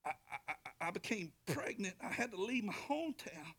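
A man voicing a frightened young mother who cries out and pleads in a high, strained voice. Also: very animated, moderate pace, a bit bright, breathy edge, full character voice. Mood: bewildered. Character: frightened young mother giving birth, woman.

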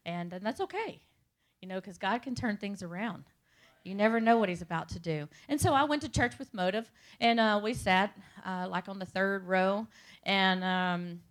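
A woman's voice: mid-range voice, fairly bright tone. Woman telling her testimony in church. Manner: conversational storytelling, talks to the audience directly. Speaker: church speaker giving testimony. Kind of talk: personal testimony to a congregation.

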